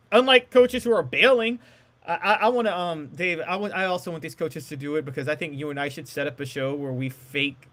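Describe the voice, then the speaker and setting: A man co-hosting a casual sports talk show, opinionated and quick with his points. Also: on the high side, a bit bright. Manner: opinionated, fast-talking.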